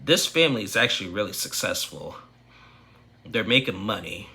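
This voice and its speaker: Gravelly, chatty man recapping TV. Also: on the low side, lively intonation, normal speed, pushed and bright. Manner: rambling, opinionated, with frequent restarts and laughs. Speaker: reality TV recap vlogger. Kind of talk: casual opinion recap.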